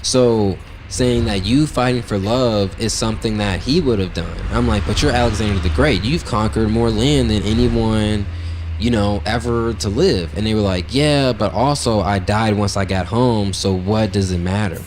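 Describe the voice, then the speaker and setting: A low-voiced man hosts a casual talk show and tells a raw personal story, blunt and swearing freely. His delivery is loose and rambling, full of "like" and "right?", with a faint ambient hum behind him. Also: moderate pace, a little mellow. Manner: blunt, profane, brutally honest. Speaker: podcast host.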